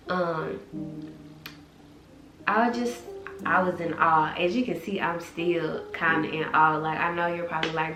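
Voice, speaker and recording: A woman's voice: on the low side, normal speed. Chatty young woman in an echoey room. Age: 20s. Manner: animated, quotes others in voices, chatty. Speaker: vlogger and author. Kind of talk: casual storytelling vlog. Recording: echoey room with background music.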